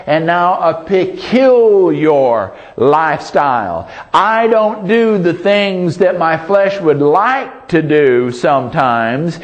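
Slow, folksy man preaching a sermon. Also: mid-range voice. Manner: folksy storytelling with frequent restarts and asking "Amen?".

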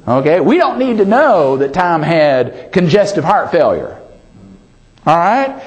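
A man's voice: on the high side, measured pace. A man preaching a sermon, emphatic, often calling out for an amen. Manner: emphatic, calls for amens, animated delivery. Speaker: pastor.

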